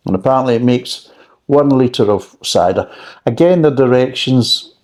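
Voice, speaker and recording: A man's voice: medium pitch, expressive, normal speed, a little mellow. A man reviewing drinks in a casual, rambling recipe chat, with dry joking asides.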